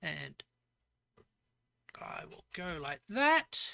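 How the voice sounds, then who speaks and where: A woman's voice: low-pitched, very animated, very slow, gravelly, sharp tone, slight background noise. An Australian woman streaming as a VTuber, thinking aloud as she codes and chatting with viewers in between. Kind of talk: live coding stream chat.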